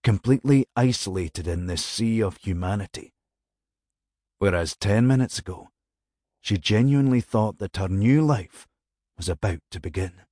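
A man narrating a dramatic novel as an audiobook, measured and expressive. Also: fairly low pitch, no room sound, clean studio sound.

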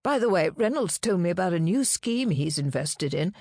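A woman reading an audiobook, voicing a naive young woman who murmurs softly and squeaks when she is indignant. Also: lively intonation, normal speed, no room sound, clean studio sound. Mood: sweet, eager.

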